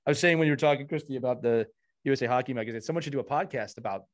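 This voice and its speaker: A man's voice: medium pitch, rapid-fire. Effusive, earnest male podcast host. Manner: effusive and earnest, heaping praise on co-hosts. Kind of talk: casual podcast chat.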